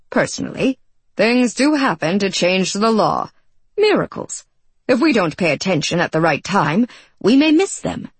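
Woman voicing a fervent earnest believer, lively pitch, husky. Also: no room sound, exaggerated voice.

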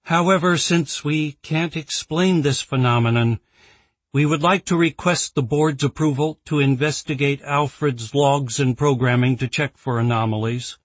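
A man voicing a tired woman executive giving a formal report in an audiobook, slow and weary. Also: fairly high pitch, dry recording, pitched above the performer's own voice, natural voice.

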